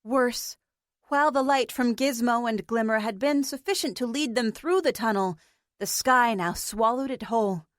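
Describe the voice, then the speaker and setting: A woman's voice: fairly high pitch, normal speed, dry recording. Woman narrating an audiobook, dry sound.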